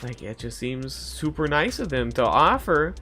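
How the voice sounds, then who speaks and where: A young gaming streamer gives casual, rambling commentary at a normal speed, telling animated stories, laughing often, swearing, and jumping to a high pitch when quoting someone. Faint game music plays behind him.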